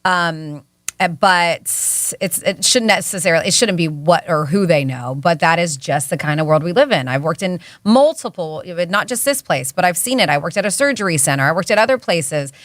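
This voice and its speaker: A woman's voice: lowish voice, lively intonation, moderate pace, fairly bright tone, no echo, studio quality. A woman co-hosting a radio show, chatting casually and laughing easily. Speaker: radio co-host. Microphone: studio mic.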